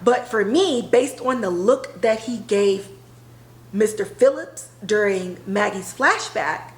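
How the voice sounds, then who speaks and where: A woman podcast host retelling a TV episode in a casual, animated way, full of filler words. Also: mid-range voice, slow pace, roomy sound, low-quality recording. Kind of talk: casual storytelling recap.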